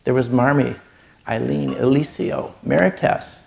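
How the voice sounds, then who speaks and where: Middle-aged man, charity speaker, earnest storyteller; heavy vocal fry, mid pitch. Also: fairly even intonation, unhurried, a little mellow. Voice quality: gravelly. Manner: earnest storytelling, gets choked up. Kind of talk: personal testimony talk.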